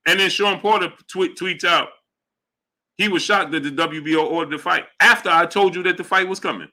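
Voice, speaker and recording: A man hosts a boxing livestream and answers his chat in a loose, casual way. His voice is bright and forceful, and his delivery is animated and emphatic. He often repeats his points for weight. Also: sits high, brisk. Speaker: boxing show host.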